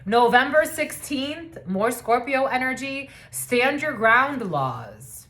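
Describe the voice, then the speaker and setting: A woman's voice: high-pitched, very animated, slow, a bit bright. A woman in her thirties giving a casual spiritual reading in a blunt, profane way, with laughing asides. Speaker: spiritual reader.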